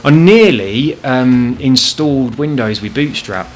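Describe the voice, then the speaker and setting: A man's voice: medium pitch, expressive, measured pace, slight background noise. A man chatting casually over gameplay at home, rambling and swearing freely about his frustrations. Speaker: gaming channel host. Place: home apartment.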